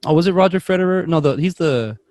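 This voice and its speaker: A man's voice: on the high side, lively intonation, fast, a little mellow, no room sound. A young man, co-host of a podcast, telling rambling stories in casual chat and acting out the voices of people he quotes. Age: young adult.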